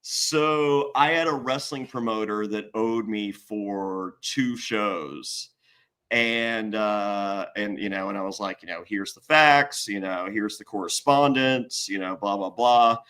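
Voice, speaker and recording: A man with a bright, ringing voice tells a rambling story in casual chat. He curses freely and leaps up in pitch whenever he acts out someone else's words, then drops back to a low, even telling. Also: takes it slowly, clean tone. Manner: animated, swears, acts out other people's lines in high voices. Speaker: guest.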